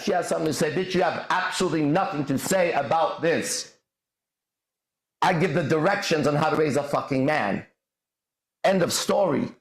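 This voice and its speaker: A man hosting a podcast, ranting in an emphatic, profane and aggressive monologue, recorded in an echoey room. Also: on the high side. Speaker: podcast host.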